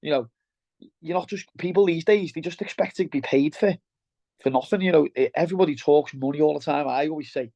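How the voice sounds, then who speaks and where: A little fast and warm-toned, with his voice on the high side and a dry recording, a middle-aged Merseyside guest discusses his work. Once a welder and now head of operations, he's down-to-earth and blunt in this casual interview, keeps using "mate," and the audio is dull and lo-fi.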